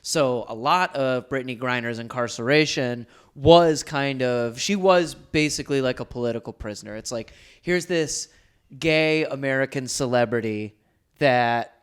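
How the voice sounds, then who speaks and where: A man's voice: medium pitch, normal speed, clean tone. Joking young man hosting a podcast. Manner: storytelling, loose and joking, frequent ums and uhs. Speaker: podcast host. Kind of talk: casual podcast chat.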